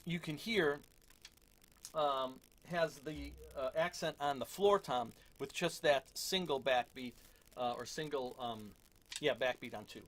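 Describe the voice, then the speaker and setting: A man giving a casual drum lesson, relaxed and self-deprecating, with lots of fillers. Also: fairly high pitch, unhurried, a little hiss or hum. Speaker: drum teacher. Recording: loud drums between talk.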